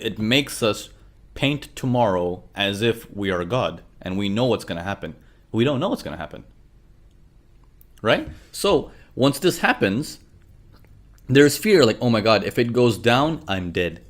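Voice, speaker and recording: With a lowish, slightly bright voice, a man leads a screen-share trading lesson built around a chart. This instructor echoes his own questions and dramatizes traders' worried inner monologue.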